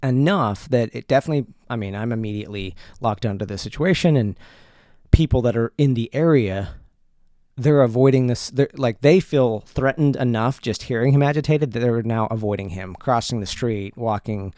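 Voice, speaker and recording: A man's voice: medium pitch, moderate pace, warm tone, dry recording. Candid man telling a story, dry sound. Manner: candid, loose, heavy on "like" fillers. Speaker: podcast host. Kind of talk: casual storytelling monologue.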